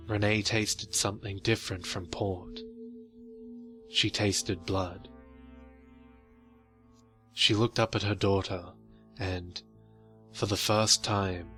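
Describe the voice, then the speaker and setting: A man reading a horror story in slow, measured scripted narration. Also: low voice, pushed and bright.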